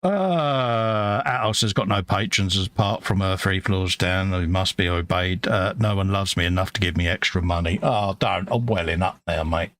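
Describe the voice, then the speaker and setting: A man's voice: low-pitched, moderate pace, few pauses, fairly bright tone, no echo. A British man hosting a live stream, chatting casually and muttering asides to himself as he paints models. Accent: British English. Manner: chatty, mumbling asides to himself while working. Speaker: livestream host painting models. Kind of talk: casual chat while painting.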